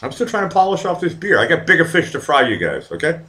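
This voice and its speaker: A man hosts his own live online show, drinking as he chats casually with viewers, rambling, swearing plenty and talking straight to the chat. His voice is a little high and sing-song, quick, pushed and bright.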